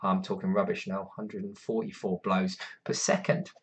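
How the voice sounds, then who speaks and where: A man's voice: low-pitched, level tone, normal speed, husky. A man, chatting casually on a live stream, reading out viewer comments and rambling through answers.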